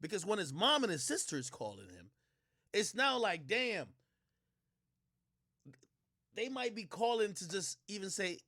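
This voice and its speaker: A man's voice: high-pitched, very animated, unhurried, pauses often, bright, forceful tone, dry recording, studio quality. A man streaming a reaction, commenting at length on a clip and explaining with frequent restarts. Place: streaming setup.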